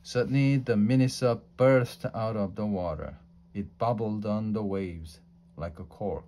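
A man reading a children's storybook aloud in a slow, deliberate way, with small slips. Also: lowish voice, dark tone, a little hiss or hum. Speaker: storybook reader.

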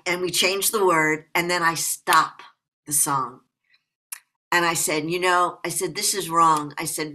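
A woman's voice: on the low side, pushed and bright. A woman in her sixties, a musician guest in an interview, telling a long story in a rambling, anecdotal way full of restarts.

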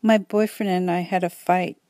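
A woman's voice: lowish voice, fairly even intonation, moderate pace, warm tone, no room sound, lightly acted. A woman reading the part of a distraught young woman, tearful and pleading, in an audiobook. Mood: upset.

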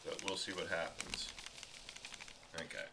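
A man's voice: low-pitched, steady tone, measured pace, vocal fry, noisy background. A man casually reviewing food on a stream, rambling and chatty, often talking while he chews.

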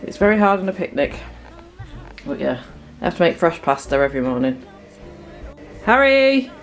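A woman's voice: very deep voice, lively intonation, fairly quick. British woman vlogger, casual home-vlog chatter to camera, faint background music. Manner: chatty, talking straight to viewers.

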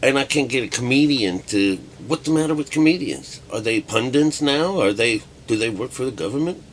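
A man's voice: mid-range voice, lively intonation, fairly quick, a little hiss or hum. A middle-aged man and art teacher talking in a rambling, profane monologue packed with fillers.

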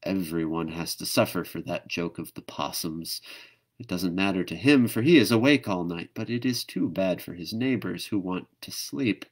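A man doing a gentle, weary mother kangaroo. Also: sits low, normal speed. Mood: drowsy. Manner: fussy, sighing complaints.

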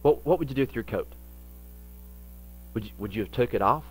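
A man preaching a sermon as pastor, with folksy phrasing, repeated phrases for emphasis, and dramatic swings between loud and hushed delivery. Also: medium pitch, expressive, fairly quick, husky.

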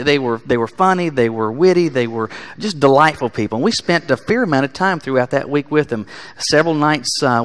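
A man preaching a sermon in a church, speaking earnestly and building to emphatic peaks before dropping quiet. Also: a little high. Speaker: pastor. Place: church sanctuary.

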